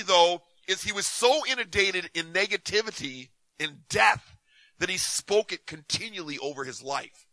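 Male preacher, storytelling sermon, very bright voice, dry and close. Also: sits high, normal speed, no echo, rough recording. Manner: conversational, repeats words, acts out dialogue.

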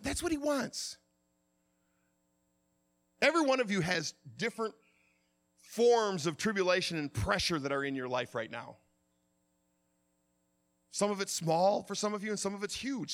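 A middle-aged man preaching a sermon, telling stories in an animated way and acting out the shouts himself. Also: high voice, dry recording. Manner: animated storytelling, acts out shouts. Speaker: pastor.

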